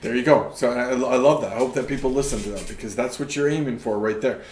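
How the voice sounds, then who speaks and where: A man's voice: medium pitch, quick pace, darkish tone, a little hiss or hum. Preachy male podcast host, roomy echo. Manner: preachy, peppers talk with "right?". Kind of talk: faith discussion podcast.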